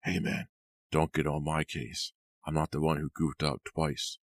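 Big-talking reckless thug, deep-voiced reader, scoffing. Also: male voice, wildly swooping pitch, unhurried, dry recording, heavily acted. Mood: blustering. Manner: blustering, scoffing. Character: brutish 25-year-old man, loud and reckless.

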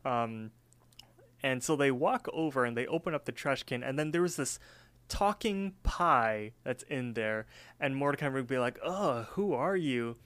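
A man co-hosting a podcast, telling stories in an animated way and swearing casually. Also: medium pitch, normal speed, clear, resonant tone. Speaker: podcast co-host. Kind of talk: casual chat.

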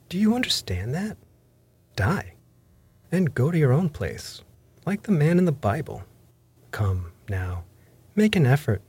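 A man's voice: medium pitch, a little mellow, breathy edge. A man voicing a blunt, stern doctor who speaks firmly and scolds, in an audiobook reading. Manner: brisk, firm and scolding.

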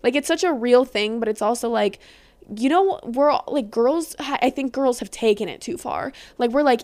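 Casting note: young woman podcast host, somewhat high voice, rambling and giggly, casual swearing. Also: moderate pace, darkish tone. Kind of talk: casual chat.

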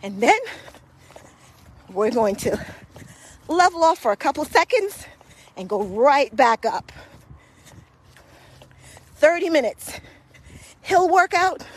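A high-pitched woman leads a hill walking workout outdoors, out of breath as she climbs. She speaks slowly and keeps cheering her listeners on, motivating them to keep going. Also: sing-song. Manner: encouraging, motivating. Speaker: fitness coach. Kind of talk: guided walking workout podcast.

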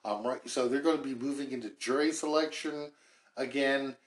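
A man hosts a podcast and gives casual political commentary at a middling pitch. He talks in a chatty, wry way and thinks aloud as he goes. His voice carries a noticeable roomy echo. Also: normal speed. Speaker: podcast host.

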